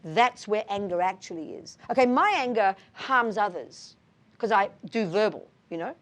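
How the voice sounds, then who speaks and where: A woman giving a lively Buddhist talk, blunt and emphatic, calling listeners darling and sweetheart and asking tag questions. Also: mid-range voice, moderate pace. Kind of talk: lively lecture with audience questions.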